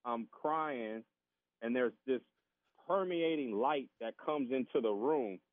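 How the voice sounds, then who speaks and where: A man telling a casual, animated story as a podcast guest, acting out the voices of other people and often repeating his words. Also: medium pitch, slow, no echo. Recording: tinny phone-line sound.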